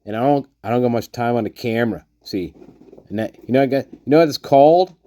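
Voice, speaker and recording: A man's voice: mid-range voice, fast, warm tone, no room sound, studio quality. A man hosting his own channel in a casual, rambling vlog, joking around and laughing often. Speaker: channel host.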